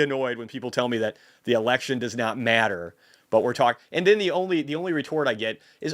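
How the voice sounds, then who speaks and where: A man's voice: mid-range voice, quick pace, fairly bright tone. A man hosting a market recap livestream, casually ranting with heavy profanity and reading viewer comments aloud. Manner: profane, ranting, heated outbursts.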